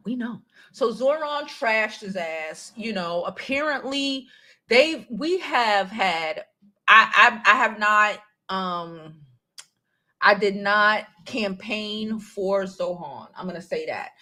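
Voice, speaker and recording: A woman with a Brooklyn accent hosting a casual live-stream chat, talking in an animated, blunt way and swearing freely. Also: mid-range voice, takes it slowly. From New York City. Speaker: vlog host.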